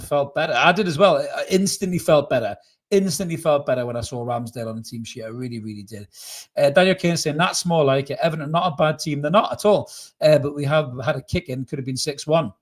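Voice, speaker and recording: A man hosting a live post-match fan reaction, reading out chat comments in a chatty, emphatic way and swearing casually. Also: medium pitch. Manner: chatty and emphatic, says mate and absolutely a lot, swears casually. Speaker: fan channel host.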